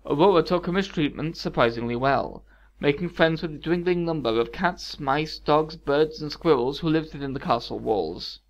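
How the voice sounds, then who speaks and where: A man reads a fairy tale aloud in a measured, expressive way, as scripted storybook narration. His voice sits a little high for a man, and the lo-fi recording sounds dull.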